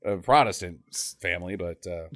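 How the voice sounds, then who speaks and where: A man's voice: sits low, brisk, a bit bright. A man co-hosting a comedic movie-review podcast, joking around and slipping into silly voices. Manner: jokey, slips into silly voices and hums tunes. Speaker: podcast co-host.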